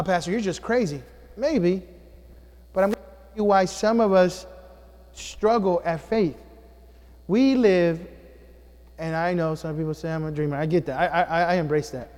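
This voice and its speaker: A man preaching a sermon as a pastor, with animated delivery that swings between loud and hushed. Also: sits high, in a large hall. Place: church sanctuary.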